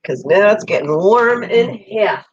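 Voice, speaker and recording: A woman runs a casual live pet chat with viewers from a home room with an air conditioner, animated yet measured, her mid-range voice carrying a breathy edge. Nursing a summer cold, she coughs now and then and rambles in a friendly way with many ums. There's no room sound, and the highs are cut off.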